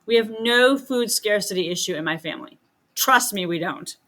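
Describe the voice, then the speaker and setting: A woman's voice: mid-range voice, expressive, normal speed, a bit bright. A middle-aged woman talking as a podcast guest, a medium and healer who chats casually and acts out quoted dialogue as she tells stories.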